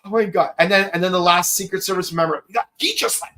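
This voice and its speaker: Excitable man gushing in a review. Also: high-pitched, fast. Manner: excitable, gushing, many "like" fillers and exclamations. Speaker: podcast host reviewing an episode. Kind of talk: excited solo review talk.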